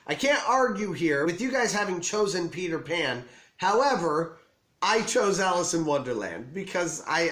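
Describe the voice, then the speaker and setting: A man with a hoarse, scratchy voice from being sick, hosting his own channel in a chatty, self-deprecating vlog style. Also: a little high, a bit bright, roomy sound. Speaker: channel host. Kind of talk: casual vlog commentary.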